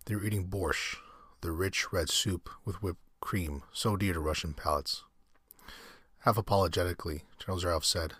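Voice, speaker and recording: A man reading a short story aloud in a measured way, now and then correcting a word. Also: low voice, a bit bright, breathy edge, no room sound, clean studio sound. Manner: measured reading with occasional slips and self-corrections. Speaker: reader.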